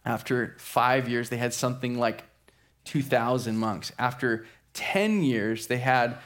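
A man preaching a sermon as a pastor, telling a story with lively acted-out quotes. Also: mid-range voice, measured pace. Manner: animated storyteller acting out quotes.

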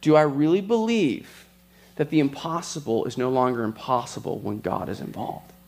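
A man as pastor, preaching a sermon in a conversational way and telling stories with quick asides. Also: medium pitch, vocal fry, a little mellow.

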